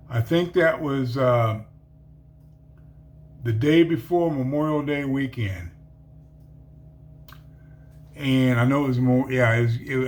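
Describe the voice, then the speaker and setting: A middle-aged man rambling through a personal testimony, full of fillers and calling the listener "man". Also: mid-range voice. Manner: rambling, filler-heavy, says "man" often. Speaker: testimony speaker.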